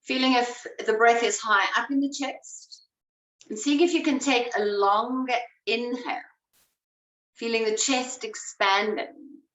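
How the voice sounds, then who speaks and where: Calm woman guiding slow breathwork. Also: on the high side. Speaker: breathwork instructor. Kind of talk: guided breathing exercise. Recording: roomy sound, voice away from the mic.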